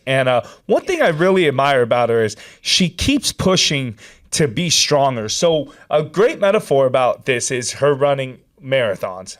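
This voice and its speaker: A man telling a long story in a casual chat, animated and peppered with "dude" and "like.". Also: mid-range voice. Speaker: podcast guest.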